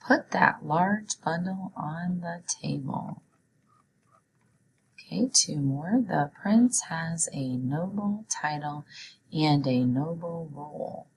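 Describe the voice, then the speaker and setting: Slow, low-voiced woman teaching phonics. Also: expressive, slight background noise, rough recording. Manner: slow, clear, encouraging teacher talk. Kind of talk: phonics lesson for young children.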